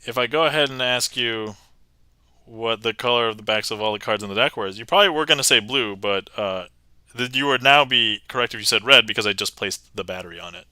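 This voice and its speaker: A man hosts a live magic stream from a desk mic, chatting upbeat with viewers and thanking them one by one. His voice is strikingly bright and smooth, and the sound is dry with no room echo. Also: mid-range voice, a little fast. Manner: chatty and upbeat, reading chat aloud with thanks. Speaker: magician livestream host. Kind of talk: casual livestream chat.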